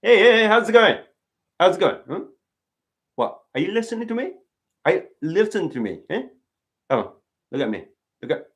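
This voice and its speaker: An insistent, nagging man corners a friend over a debt, his voice raised and lively as he repeats each demand. A male storyteller plays him in a comedy routine. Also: high voice, normal speed, pauses often, voice pushed up, exaggerated voice. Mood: pestering.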